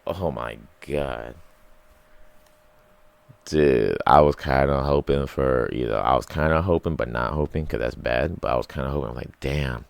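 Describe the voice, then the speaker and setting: A man with a very deep, gravelly voice tells a rambling story into a microphone, thick with swearing and quoted reactions. The sound is dry and close, with no room echo. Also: unhurried. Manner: rambling, profane, full of likes and quoted reactions. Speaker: podcast host. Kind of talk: casual storytelling rant. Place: small room alone with a microphone. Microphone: studio microphone.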